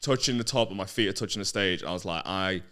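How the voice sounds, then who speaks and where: Male comic co-host, lowish voice, loose storytelling, swears freely. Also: fast, a bit bright, clean tone. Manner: rambling anecdotes, swears freely. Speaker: comedy podcast co-host. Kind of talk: casual comic banter.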